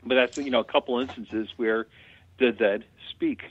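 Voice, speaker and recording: A man's voice: medium pitch, fairly even intonation, normal speed, husky. A man who works as a medium, a guest telling chatty, plain-spoken anecdotes in an interview. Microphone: phone call. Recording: tinny dry phone line.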